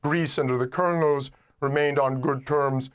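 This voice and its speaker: A man giving a measured interview answer, drawing out his words in an affected way with loose, relaxed lips. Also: medium pitch, crowd noise. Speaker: academic guest in archived clip.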